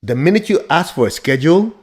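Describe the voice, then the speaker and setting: A man's voice: on the high side, animated, quick pace, darkish tone. A man giving a motivational teaching talk as a spiritual teacher, blunt and emphatic, joking and laughing as he drives points home.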